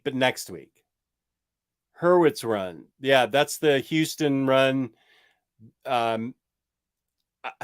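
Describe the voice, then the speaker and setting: A man's voice: fairly high pitch, a bit bright. A man hosting a casual comic book livestream, rambling and joking as he answers viewer questions and stumbles over words. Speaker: comic book channel host.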